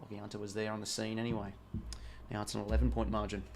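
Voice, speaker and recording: An Australian man streaming a live football watch-along, calling the play casually, swearing often and shouting at the players. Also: lowish voice, flat delivery, fast talker, gravelly.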